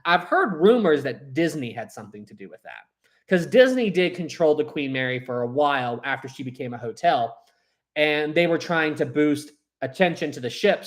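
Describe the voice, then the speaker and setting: A young man hosting a casual live stream, rambling and animated, often restarting his sentences and reading viewer chats aloud. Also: on the high side.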